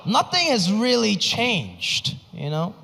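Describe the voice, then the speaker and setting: Guy from hong kong doing stand-up, high lively voice, bright, echoey theater hall. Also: gravelly, slight background noise. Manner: animated, exaggerated, quick punchlines. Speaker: stand-up comedian. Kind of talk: stand-up comedy set. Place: large theater stage. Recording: stage mic in a reverberant hall.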